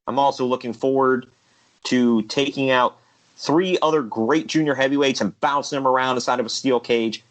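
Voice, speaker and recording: A man's voice: medium pitch, steady tone, normal speed, close to an everyday voice. A man reading the lines of a polite, determined young wrestler in a sincere, friendly way, close to his own voice. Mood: eager.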